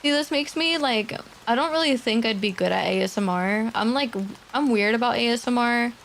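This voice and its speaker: A woman streamer chatting casually and quietly with her viewers at her desk mic, laughing often and swearing now and then. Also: a little high, normal speed, slight background noise. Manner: soft-spoken, talking quietly. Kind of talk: casual livestream chat. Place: home streaming setup.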